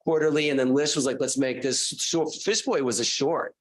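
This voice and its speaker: A man, a guest author, telling animated, self-mocking stories casually to a class. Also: fairly high pitch, moderate pace.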